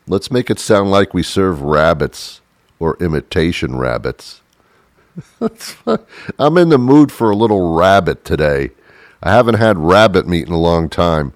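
A man with a very low, deep voice talks through a wry, rambling comic monologue, slipping into little acted-out exchanges between made-up characters. The sound is dry and close, with no room around it. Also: big pitch swings, unhurried, no echo. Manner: wry, rambling, acts out both sides of imagined dialogues. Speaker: radio show host.

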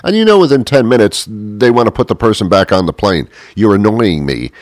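Low-voiced rambling man, dry sound. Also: fast talker, dry recording. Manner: chuckling, self-interrupting, animated impressions. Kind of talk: rambling comic monologue.

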